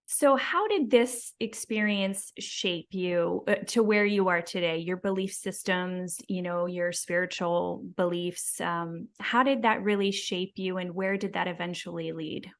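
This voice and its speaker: Podcast host, woman, lowish voice, curious and probing. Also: a little slow, hardly any pauses. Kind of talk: interview questions.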